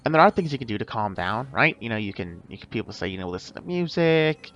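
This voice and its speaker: A man's voice: medium pitch, very animated, quick pace, fairly bright tone, lo-fi sound. A man in an unscripted vlog monologue, rambling and repeating himself as he gives advice straight to the viewer. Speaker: vlogger.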